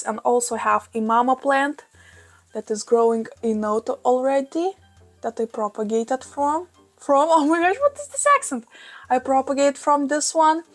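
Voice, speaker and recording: Gushing woman with a Russian accent. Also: fairly high pitch. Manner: gushing, enthusiastic, exclaims often. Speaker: plant vlogger. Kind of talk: casual vlog. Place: small room at home. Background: soft background music.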